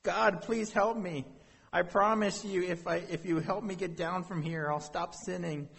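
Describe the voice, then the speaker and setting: A man's voice: fairly high pitch, sing-song, measured pace, husky, big-room sound, voice pushed up, heavily acted. A man doing a panicked man hanging off a cliff. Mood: pleading. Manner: desperate, pleading yells.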